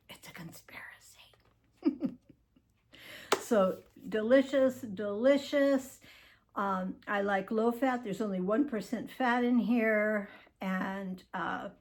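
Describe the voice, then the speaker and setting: An older woman chatting to viewers as she shows off her grocery haul, rambling and cheerful. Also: medium pitch. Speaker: vlogger showing a grocery haul. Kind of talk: casual chatty haul vlog.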